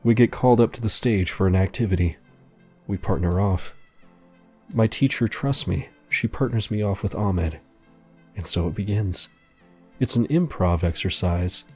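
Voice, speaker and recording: Low-ish dude reading out a story, dry deadpan, faint music behind. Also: male voice, moderate pace, slightly rough.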